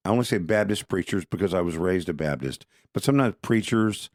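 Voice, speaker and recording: A deep, low-pitched man chatting casually on a podcast. He is opinionated and conversational, and he often stops to restart a phrase. The sound is dry and close. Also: expressive, fairly quick, no echo. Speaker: podcast co-host. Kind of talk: casual political talk.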